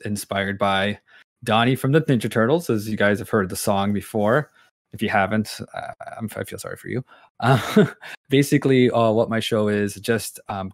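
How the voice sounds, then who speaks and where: A man's voice: fairly low pitch, no room sound, clean studio sound. A man chatting as a podcast guest, easygoing and full of fillers. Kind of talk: casual podcast chat.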